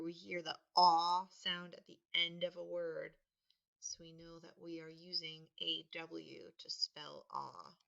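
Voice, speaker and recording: Woman teacher, slow patient spelling lesson, gravelly edge, dull lo-fi recording. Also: fairly low pitch. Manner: patient, sounds words out and stresses them loudly.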